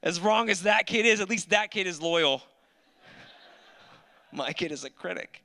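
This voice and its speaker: Man, 30s, stand-up comic; bright, forward voice, dry self-deprecating delivery, live club mic. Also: high voice, expressive, unhurried. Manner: dry, self-mocking storyteller. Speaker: stand-up comedian. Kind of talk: stand-up set. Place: comedy club stage.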